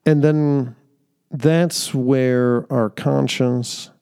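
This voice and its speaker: A man's voice: medium pitch, steady tone, very slow, gravelly, mellow, clean tone. A young man hosting a podcast, telling an earnest faith-based story with fillers and laughter. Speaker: podcast host. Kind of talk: faith-based reflective monologue.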